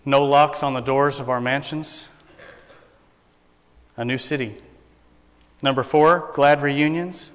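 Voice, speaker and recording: A man's voice: medium pitch, steady tone, slow, pauses often, a bit bright, big-room sound. A man preaching a sermon to a congregation, folksy and joking, telling jokes as he goes. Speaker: pastor. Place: church sanctuary.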